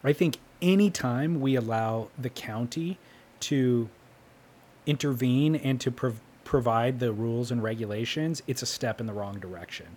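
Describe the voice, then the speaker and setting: A man's voice: medium pitch, moderate pace, darkish tone, husky. A man co-hosting a podcast in casual chat, taking the contrarian side and arguing his point at length. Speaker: podcast co-host.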